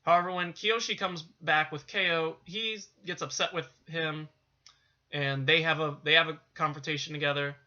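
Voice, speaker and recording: Man, casual film recap, rambling, very bright tense voice, dull lo-fi recording. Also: a little high, fairly even intonation, moderate pace. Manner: rambling, full of "you know" and restarts. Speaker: film reviewer. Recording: dull lo-fi sound.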